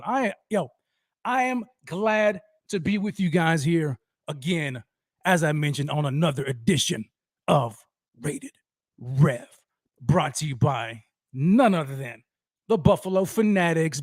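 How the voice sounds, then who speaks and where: A man hosting a sports fan livestream, reading out viewers in an excited, high-energy roll call. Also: measured pace, dry recording, studio quality. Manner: hyped, energetic shout-outs to viewers.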